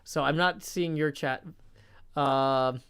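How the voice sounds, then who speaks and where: A man's voice: a little high, steady tone, slow, fairly bright tone, clear, resonant tone. Chatty man live-streaming a game. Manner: chatty, reads tips aloud, counts under his breath. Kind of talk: casual live-stream chat.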